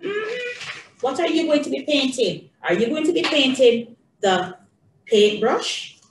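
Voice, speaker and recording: A woman teaching young children, speaking in a slow, singsong, encouraging way, recorded a bit away from the mic in an echoey room with faint background noise. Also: sits high, expressive, distant mic.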